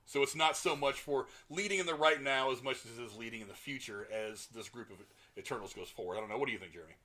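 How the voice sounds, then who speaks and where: A man's voice: mid-range voice, fast talker, bright, forceful tone. A man co-hosting a podcast, reading out listener comments and answering them in casual movie review chat. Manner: reads listener comments aloud and responds. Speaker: podcast co-host.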